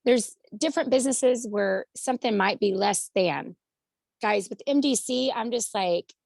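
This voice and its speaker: A woman giving enthusiastic feedback on a video call, speaking emphatically with a hoarse, gravelly voice. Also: fairly high pitch, moderate pace, darkish tone, no echo. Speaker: community member giving feedback.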